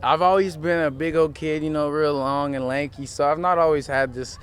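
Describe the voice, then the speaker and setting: A teenage high school football player answering questions in a relaxed way, rambling with lots of fillers, outdoors at a field. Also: male voice, normal speed, clear, resonant tone. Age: teens. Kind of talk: casual interview.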